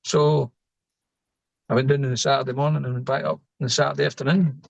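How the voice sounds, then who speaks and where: Rambling through a casual personal story as a podcast guest, this middle-aged Scottish man keeps adding "right?" to his lines. His mid-range voice has a flat delivery and vocal fry, captured in a close, dry, muffled recording without room sound.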